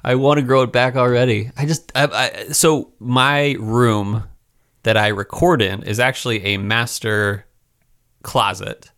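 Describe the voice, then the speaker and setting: A man's voice: mid-range voice, steady tone, a little slow, fairly bright tone. A young man co-hosting a casual podcast from a closet home studio, laid-back and hesitant with lots of fillers. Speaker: podcast co-host.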